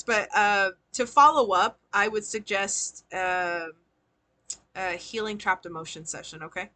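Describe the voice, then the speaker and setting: A woman's voice: medium pitch, measured pace, sharp tone. A woman giving tarot readings on a live stream, chatty and slangy, laughing often as she talks to her sitters. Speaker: tarot reader and spiritual healer.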